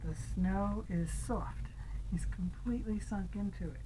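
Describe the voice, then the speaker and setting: An older woman reading a picture book aloud to her grandchild, gentle, asking the child little questions, sometimes dropping into a whisper. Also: mid-range voice, unhurried, slight background noise, poor audio.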